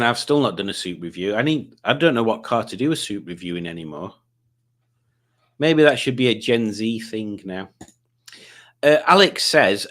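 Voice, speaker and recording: A mid-pitched man hosts a laid-back livestream from home. He reads out viewer comments, cracks jokes about them, and wanders off on tangents between answers in a loose, talkative way.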